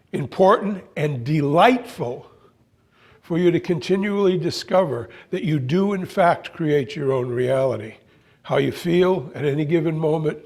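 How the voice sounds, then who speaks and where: A man giving a spiritual talk to an audience, telling playful stories with pauses and restarts. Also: fairly high pitch, a little mellow. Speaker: speaker.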